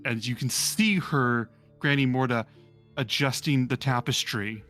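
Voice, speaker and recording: A male game master narrates a fantasy scene at an ordinary mid pitch, loose and descriptive with the odd filler. Faint music plays behind him. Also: steady tone, slow pace, long pauses, fairly bright tone.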